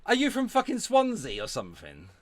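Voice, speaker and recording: A middle-aged Welsh man hosting a livestream and reacting to clips, profane and swinging between loud outbursts and low mutters. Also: wildly swooping pitch, a little fast, no echo. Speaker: livestream host.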